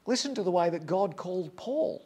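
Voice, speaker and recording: A man with a high, light voice delivers a sermon. He preaches earnestly and with emphasis, leaning on repeated phrases to drive each point home. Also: expressive, brisk, a little mellow, husky.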